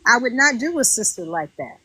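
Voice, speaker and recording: An indignant woman recounts her time on a reality show, slipping into the voices of the people she quotes. Her voice sits a little high, and she is recorded close with a dry, dead sound. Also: brisk, breathy edge, no echo, rough recording. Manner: animated and indignant, acts out quotes. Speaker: former reality show contestant. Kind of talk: casual interview storytelling.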